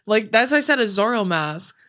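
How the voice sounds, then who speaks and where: Casting: young woman co-host, bright forceful tone, animated and swearing, casual chat. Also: mid-range voice, fairly quick. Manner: animated, swears, laughs often, acts out quotes. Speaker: podcast co-host.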